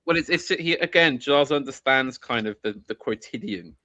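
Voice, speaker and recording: A man hosting a casual chat, enthusiastic, halting and restarting, and often laughing. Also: medium pitch, lively intonation, pushed and bright, no echo, highs cut off.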